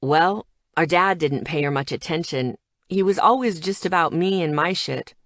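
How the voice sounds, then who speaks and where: A woman voicing a gentle, weary young man in an audiobook, with a soft, low-key delivery. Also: moderate pace, no echo, studio quality, lightly acted.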